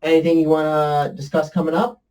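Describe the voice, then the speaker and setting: A man's voice: fairly high pitch, flat delivery, brisk, a little mellow, recorded from a distance. A man co-hosting a casual movie podcast, laid-back and swearing casually. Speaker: podcast co-host. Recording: off-mic with faint room noise.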